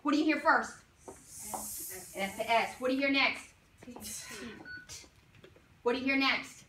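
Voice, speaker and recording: A woman teaching a phonics lesson to young children, sounding out words slowly and asking coaxing questions. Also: high voice, bright, forceful tone. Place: classroom. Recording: roomy classroom from far off, faint noise.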